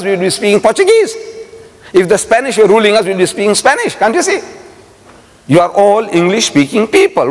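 Animated older male lecturer, echoing hall. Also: sits high. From South Africa. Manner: animated storyteller, acts out dialogue, repeats for emphasis. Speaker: Islamic lecturer. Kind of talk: public religious lecture. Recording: reverberant lecture hall recording.

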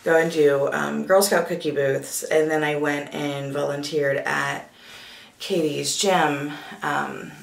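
Woman, 30s, groggy, husky allergy voice, low and gravelly, rambling casual vlog, echoey room. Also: recorded from a distance. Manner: relaxed, rambling, many fillers. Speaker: vlogger.

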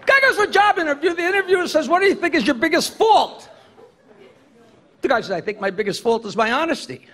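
A man's voice: very high voice, animated, fast, fairly bright tone. A middle-aged man doing stand-up on a comedy club stage, firing off jokes and cracking up at his own punchlines. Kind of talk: stand-up joke telling.

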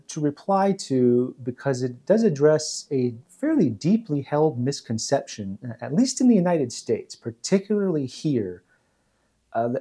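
A man hosting a history video, explaining in a relaxed, measured way with frequent pauses. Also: medium pitch, husky. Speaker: host.

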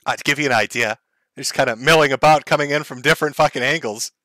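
A man's voice: medium pitch, quick pace, sharp tone, no room sound. A man hosting a live stream, giving sarcastic, mocking commentary and laughing often. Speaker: streamer host.

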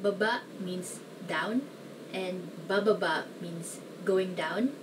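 Woman, relaxed language teacher, chatty and unhurried. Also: lowish voice, background noise. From Philippines. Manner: relaxed, chatty explanations with light laughs. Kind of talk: casual vocabulary lesson.

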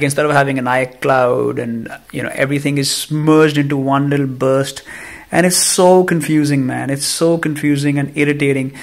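A man with an Indian accent giving a casual phone review, ranting in an animated, exasperated way. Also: on the high side. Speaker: tech reviewer.

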